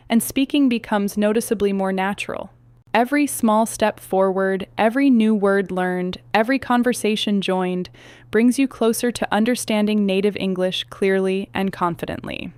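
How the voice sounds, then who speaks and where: A woman narrates a scripted English lesson in an even, measured delivery. Her voice is smooth and clear, at a middle pitch. The sound is dry and close, with no room around it. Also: no room sound. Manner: even, measured instructional reading. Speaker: English teacher.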